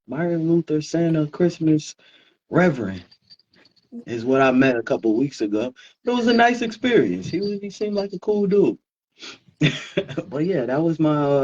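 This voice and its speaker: A man's voice: fairly high pitch, moderate pace. Man, casual co-host, rambling storyteller, muffled lo-fi sound. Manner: relaxed storytelling, laughs often, many fillers. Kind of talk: casual chat.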